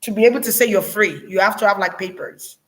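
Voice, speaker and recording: A woman, giving a casual spiritual channeling reading, musing slowly with many fillers and restarts. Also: medium pitch, low-quality recording.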